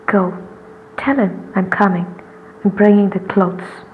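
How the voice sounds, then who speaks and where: A woman's voice: mid-range voice, a little slow, slight background noise, lightly acted. A woman voicing a fiery, defiant young wife who speaks her mind, in a slightly muffled recording. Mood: calm. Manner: sharp outbursts turning to calm, soft replies.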